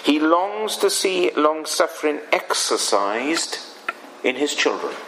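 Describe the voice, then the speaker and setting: A man delivering a sermon at a slow, measured pace, leaving emphatic pauses between phrases. His voice sits a little higher than most men's. A faint hum of ambience sits behind him. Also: sing-song, vocal fry, a bit bright, rough recording. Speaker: preacher.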